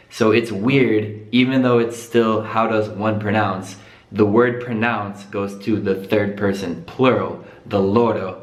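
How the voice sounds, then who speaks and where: A man teaching a casual video language lesson, upbeat, going over examples slowly and repeating them. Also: lowish voice, reverberant.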